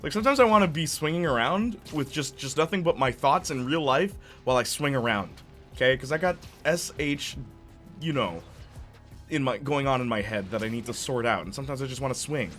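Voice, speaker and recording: A young man commenting over his gameplay stream, rambling from one tangent to the next and full of fillers. His voice swings widely in pitch, and soft game music plays underneath. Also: expressive, brisk. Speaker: gaming streamer.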